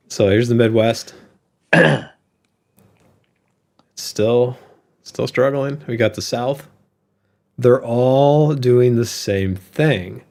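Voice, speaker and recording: A man's voice: mid-range voice, very slow, long pauses, mellow. A man in his forties co-hosting a casual chat, talking through charts with plenty of fillers. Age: 40s. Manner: conversational, reads and comments on charts with fillers. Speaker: co-host.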